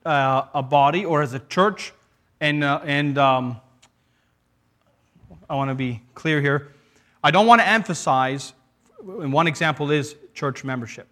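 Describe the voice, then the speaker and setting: A man preaching a sermon earnestly, reading verses aloud and pausing to restart his thoughts. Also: a little high, a bit bright. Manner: earnest, with frequent restarts and pauses to read scripture.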